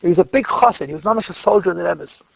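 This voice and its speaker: A man, a rabbi, telling stories in a lecture, lively in the telling and dropping to quiet asides. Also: high-pitched, very fast, vocal fry, breathy edge, no echo, highs cut off. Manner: animated retelling that drops to quiet asides. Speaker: rabbi teaching a class. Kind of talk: storytelling lecture.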